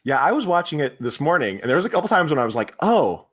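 Lively man hosting a film chat. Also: on the high side, rapid-fire. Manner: animated retelling, slipping into quoted lines. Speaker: podcast host. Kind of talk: casual chat recapping a film.

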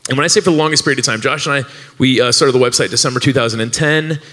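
A man's voice: medium pitch, racing, bright, forceful tone, long reverb tail. A male podcast co-host telling a story at a live show, rambling with fillers and restarts and laughing often. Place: live event venue with an audience.

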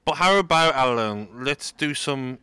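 A man's voice: mid-range voice, lively intonation, measured pace, bright, forceful tone, smooth, no echo. A man co-hosting a podcast in casual chat, teasing and bantering with his co-host.

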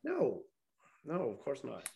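A man's voice: mid-range voice, huge pitch swings, takes it slowly, gravelly, darkish tone. A man, a stand-up comedian hosting a podcast, telling a long grumpy story about a bad gig and swearing a lot. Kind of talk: casual podcast chat. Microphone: remote video call.

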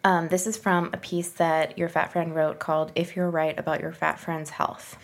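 Woman, podcast co-host, casual chat, slightly low voice, relaxed. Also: normal speed, creaky. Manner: relaxed and conversational, reads excerpts aloud.

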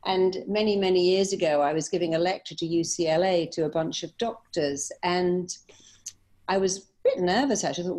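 Middle-aged woman, guest storyteller, lively and quick to laugh. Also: on the low side. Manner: animated, anecdotal, laughing easily. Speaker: guest, therapist and speaker. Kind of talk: conversational storytelling.

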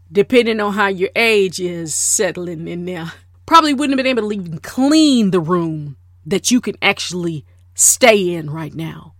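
A woman hosting a casual monologue, emphatic and deliberate, repeating words to drive her point home. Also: medium pitch, dry recording, studio quality. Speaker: podcast host.

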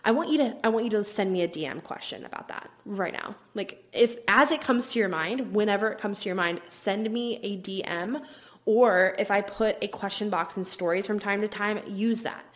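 A woman's voice: medium pitch, moderate pace. A woman hosting her own podcast, talking casually and upbeat, with lots of "like" fillers and the odd drop into a whisper. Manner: chatty, upbeat, many "like" fillers, drops into whispers at times. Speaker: podcast host. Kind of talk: casual solo podcast talk.

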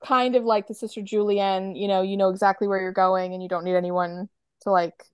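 A woman's voice: medium pitch, little pitch movement, brisk, a little mellow, clean tone, no room sound. An American woman co-hosting a podcast, chatting casually with lots of fillers and restarts. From United States. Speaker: podcast co-host. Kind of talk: casual chat.

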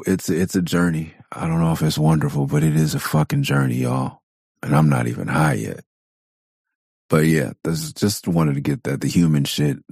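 An extremely low-pitched male voice with vocal fry sounds a little mellow and husky, captured in clean studio sound without echo. The speaker, a Southern California podcast host and adult parent of four, gives a casual monologue in a blunt, profane, candid style and laughs a lot.

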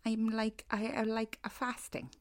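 A young Irish woman co-hosting a podcast, telling stories in a chatty, animated way and swearing freely. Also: fairly high pitch, normal speed. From Ireland. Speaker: podcast co-host. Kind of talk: casual chat.

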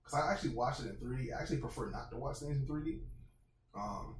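A man's voice: medium pitch, fast talker, distant mic. A man co-hosting a casual podcast, telling stories animatedly, acting out quotes and laughing often. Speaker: podcast co-host. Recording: echoey room, off-mic, faint noise.

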